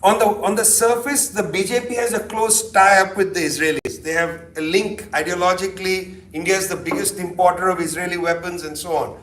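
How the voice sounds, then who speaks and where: A middle-aged man's high voice runs a little fast with few pauses as he gives a sardonic, conversational keynote full of asides. He's animated, and the lecture hall echoes around a distant mic.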